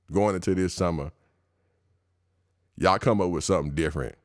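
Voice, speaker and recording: A man's voice: deep voice, vocal fry, no room sound, studio quality. A male podcast host in a slangy, profane comedic monologue, laughing at his own riffs.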